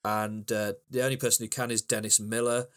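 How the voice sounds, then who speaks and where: Male co-host with a lowish voice, rambling through film plots. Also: flat delivery, a little fast. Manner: rambling, many ums and restarts. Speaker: podcast co-host. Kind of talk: casual film chat.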